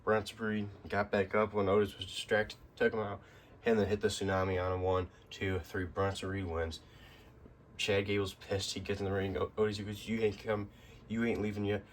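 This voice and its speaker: A man with a deep, even, fairly monotone voice talks through a casual recap. He rambles and restarts his sentences, fills the gaps with "uh" and "um", and a faint hiss sits under him. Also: normal speed. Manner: rambling, many fillers and restarts. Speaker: wrestling recap host.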